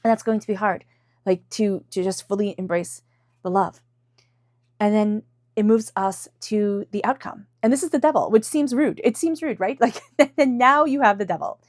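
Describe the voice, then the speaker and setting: A woman's voice: medium pitch, moderate pace, a little mellow, no room sound. Woman tarot reader, chatty, emotional, many fillers, dry close sound. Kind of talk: intuitive tarot reading.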